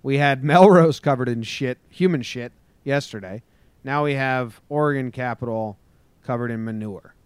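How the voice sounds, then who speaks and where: A man's voice: medium pitch, moderate pace, clean tone, dry recording. A man hosting a casual sports and news podcast, loose and joking, tossing sarcastic asides after each headline. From New Jersey. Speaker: podcast host.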